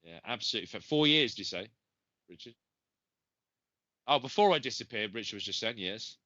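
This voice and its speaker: Man, stream host, very bright tense tone, dry close sound, dull lo-fi audio, chatty with lots of "uh". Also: on the low side, lively intonation, fairly quick, no room sound. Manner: chatty, filler-heavy, greets viewers by name. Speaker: psychic medium and show host. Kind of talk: live-stream chat to viewers.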